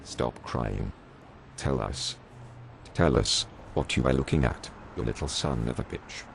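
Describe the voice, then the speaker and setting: A man puts on a bullying policeman, pitched well below his own voice, growling threats and crude insults. The voice stays gruff and contemptuous over a noisy, hissing recording. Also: a little slow, full character voice. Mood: angry, bullying. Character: angry bullying male street policeman.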